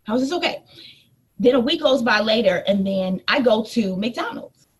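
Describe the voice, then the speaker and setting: A woman in her thirties, a life coach, telling a personal story in a lively motivational talk to her audience. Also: a little high, moderate pace, husky. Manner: animated storytelling, addresses listeners as y'all.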